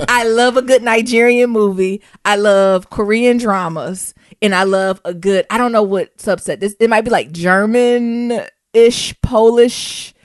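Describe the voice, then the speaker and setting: An American woman co-hosts a casual podcast chat, animated and full of slang, often breaking into laughter and spelling words out letter by letter. Her voice sits at a middling pitch and sounds dry and close. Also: no room sound. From United States. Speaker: podcast co-host.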